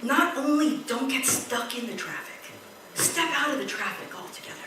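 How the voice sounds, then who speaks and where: Woman pastor, animated sermon delivery, higher voice, recorded in a very echoey hall. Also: normal speed, a little hiss or hum. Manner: animated storytelling with quoted voices. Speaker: preacher. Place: church hall. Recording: echoey church hall, distant mic.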